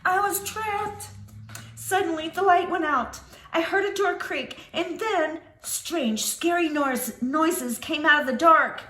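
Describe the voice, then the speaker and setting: A woman reading a spooky children's book aloud with dramatic delivery, pausing to speak to her young listeners. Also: extremely high pitch, pushed and bright, a little hiss or hum. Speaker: storyteller. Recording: roomy echo.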